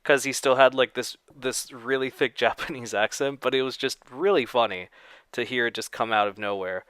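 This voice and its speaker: A man talks to his viewers in a loose, rambling way, filling pauses with "uh" and "um" and tossing in casual swearing. His voice is smooth and clear, and the recording is dry and close with almost no room sound. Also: medium pitch, no echo. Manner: relaxed, rambling, frequent fillers and swearing. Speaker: video creator. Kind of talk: casual storytelling vlog.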